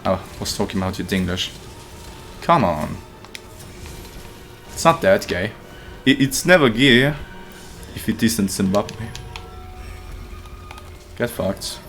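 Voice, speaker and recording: A young man commentating his own gameplay live, excitable and profane, talking to his chat as he plays. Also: fairly low pitch, slow, long pauses, soft background music. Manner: excitable, profane, talks to chat while playing. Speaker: streamer.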